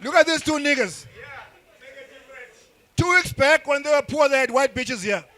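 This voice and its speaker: A young man doing crude, rambling stand-up comedy with frequent restarts and shouted bursts. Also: very high voice, lively intonation, normal speed. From South Africa.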